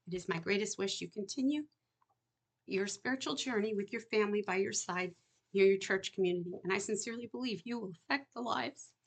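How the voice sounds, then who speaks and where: A merciful judge hands down his ruling in formal, measured words, as a woman reads him in her own voice. Her tone stays near her usual pitch with a gravelly texture. An audiobook courtroom figure. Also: close to an everyday voice.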